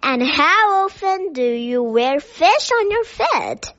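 Woman voicing a hefty, scolding Mrs Christmas for a storybook, slow and sharp-tongued, high. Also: sing-song, heavily acted. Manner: yelling and scolding. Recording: dull lo-fi recording.

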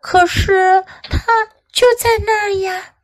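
A woman voicing a frightened little girl pig who cries out in a high voice in a storybook reading. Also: flat delivery, slow. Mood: timid.

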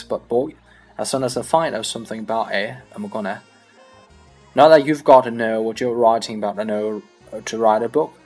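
A man whose first language is Chinese, reading a comic monologue aloud in English with a lively storytelling delivery. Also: mid-range voice, husky. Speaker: English learner practicing accents.

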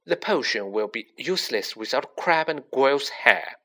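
A man reading an audiobook, voicing a bossy, brainy teenage schoolgirl witch in a brisk, matter-of-fact way. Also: mid-range voice, lively intonation, pushed and bright. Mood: stern. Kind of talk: audiobook character voice.

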